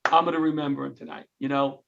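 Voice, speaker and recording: A middle-aged man from New York tells stories in an interview with a comic's timing, slipping into other people's lines as he goes. His voice sits high for a man. The sound is a bit dull and lo-fi. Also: fast talker, gravelly. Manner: animated, jokey storyteller who acts out quotes. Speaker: comedian and retired firefighter, guest. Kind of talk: storytelling interview.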